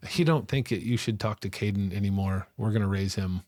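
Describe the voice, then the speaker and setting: A man telling a hard personal story in a candid interview, animated, acting out the voices of people he quotes and often asking "right?". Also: lowish voice, brisk, no echo, studio quality. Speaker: interview guest.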